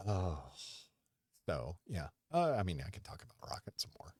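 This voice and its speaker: A man hosting a casual livestream from home into a desk microphone, rambling and halting, often talking fondly to his dog. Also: low voice, wildly swooping pitch, warm tone, husky, no echo, studio quality. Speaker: podcast host.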